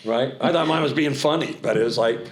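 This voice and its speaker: A middle-aged American man with a trace of a Southern accent, telling stories in an animated, rambling way and often restarting his sentences. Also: medium pitch, brisk, echoey room. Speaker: charity founder and auctioneer. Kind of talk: casual interview talk.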